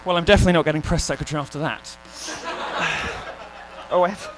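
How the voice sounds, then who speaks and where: A man's voice: a little high, fast, over loud music. A man giving a comedic, provocative speech on stage at a campus event, flamboyant and mocking, with sighing asides into a stage microphone. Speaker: featured speaker at a campus event. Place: stage in a large hall.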